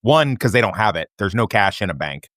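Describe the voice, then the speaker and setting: A man with a low voice talks casually about the show and keeps drifting into side notes. The recording is dry, with no room sound. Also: big pitch swings, a little fast, fairly bright tone, no room sound. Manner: chatty, goes off on side notes. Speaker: podcast co-host. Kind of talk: casual show recap chat.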